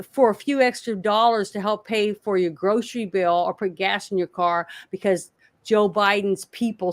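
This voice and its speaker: A woman's voice: medium pitch, no echo. Fired-up woman ranting on a podcast. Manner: fired-up, swearing, rapid bursts of anger. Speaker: co-host. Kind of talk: heated political podcast rant.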